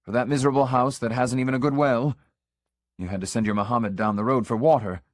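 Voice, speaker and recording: A man's voice: on the low side, a little fast, no room sound, clean studio sound, natural voice. Man voicing a boastful, volatile young suitor. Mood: indignant.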